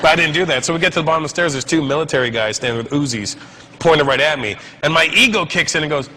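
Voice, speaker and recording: Guy doing stand-up on stage, a bit high-voiced, animated, does all the voices in his story. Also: racing, slight background noise. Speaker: stand-up comedian.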